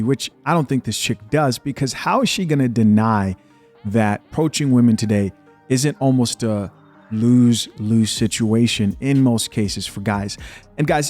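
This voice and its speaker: Male podcast host, mid-pitch, blunt casual commentary, faint music underneath. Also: a little mellow. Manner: blunt, opinionated, casual with asides. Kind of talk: commentary on video clips and comments.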